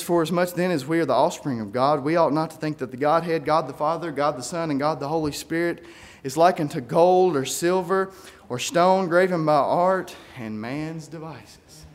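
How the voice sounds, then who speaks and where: A man preaching a sermon, reading scripture aloud and swinging from quiet musing to shouted peaks. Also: a little high. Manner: reads scripture aloud in King James wording.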